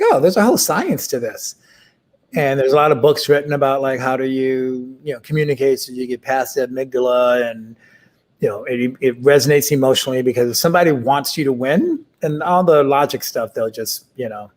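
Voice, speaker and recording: A middle-aged man talking casually as an interview guest, with many fillers and restarts. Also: mid-range voice. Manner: halting, full of fillers and restarts.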